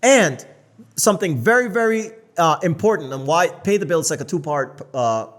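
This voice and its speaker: A North American man co-hosts a casual podcast. His voice sits a little high, and he talks bluntly, swears freely, and shifts between loud, animated bursts and lower asides. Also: normal speed. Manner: blunt, profane, animated storytelling. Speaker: podcast co-host.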